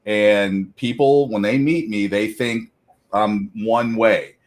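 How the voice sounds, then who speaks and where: A man's voice: lowish voice, fairly even intonation, slow pace. A middle-aged man co-hosting a podcast, telling rambling, self-deprecating stories in casual chat. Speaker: podcast co-host.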